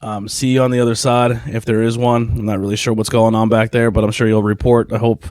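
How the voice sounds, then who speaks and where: In a studio-quality recording with no echo, a podcast host in his thirties chats solo, fast and flat in a fairly low, slightly mellow voice. He's laid-back and profane, rambling along with lots of fillers.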